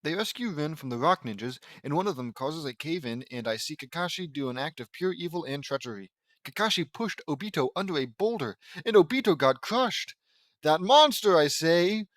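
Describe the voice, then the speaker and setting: A man's voice: fairly high pitch, animated, fairly quick, fairly bright tone, dry recording, studio quality. Rambling man reading fan fiction. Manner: rambling, self-deprecating, easily sidetracked. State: sore throat. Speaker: fan fiction audiobook reader.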